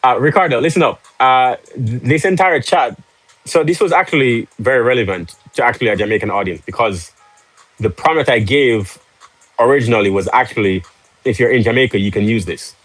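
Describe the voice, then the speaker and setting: A man's voice: medium pitch, brisk, fairly bright tone, no room sound, soft background music, poor audio. A man hosting a live stream, casual and pushy, urging viewers with rhetorical questions and joking with the chat. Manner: salesy, pushy, laughs easily. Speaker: livestream host.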